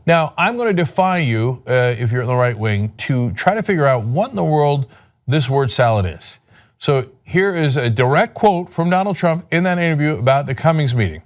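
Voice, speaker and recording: A man giving sarcastic political commentary, mocking and exasperated, firing off rhetorical questions. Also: moderate pace. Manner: mocking, exasperated, reads quotes aloud; rhetorical questions, lively pitch swings.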